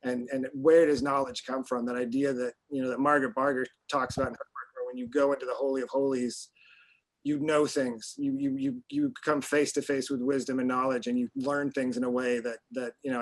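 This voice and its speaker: A man's voice: medium pitch, rough recording. Adult man, casual panel talk, rambling delivery with frequent fillers. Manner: rambling, many restarts and fillers. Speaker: panel guest.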